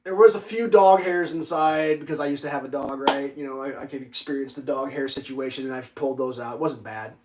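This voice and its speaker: A man hosting a casual livestream, telling a story with lots of swearing and loudly acting out the dialogue. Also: medium pitch, a little fast, few pauses. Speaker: livestream host.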